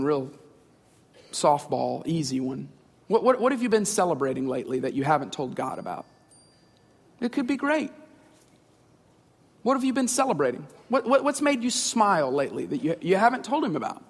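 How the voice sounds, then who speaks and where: A man's voice: on the high side, very animated, a little fast, breathy edge. A man in his thirties preaching a sermon, earnest and conversational, pressing his listeners with repeated questions. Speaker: pastor. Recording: long hall reverb.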